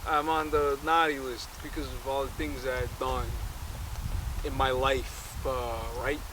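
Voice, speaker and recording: A man's voice: medium pitch, flat delivery, a little slow, noisy background, lightly acted. A man voicing a roguish fellow who admits he is a bad guy, talking hesitantly with filler sounds. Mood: wisecracking.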